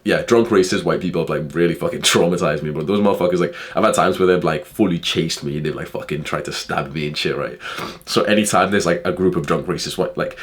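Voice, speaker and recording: A man's voice: sits low, fast. A young man telling a story to camera in a casual, profane way, full of "like" fillers. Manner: profane, heavy use of "like" fillers, animated retelling. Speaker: vlogger.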